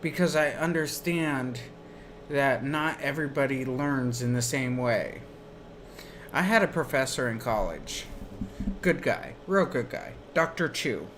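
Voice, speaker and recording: Slow-talking man telling stories. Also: mid-range voice, expressive, a bit bright, slight background noise. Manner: slow rambling storytelling. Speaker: streamer. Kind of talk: casual chat while gaming.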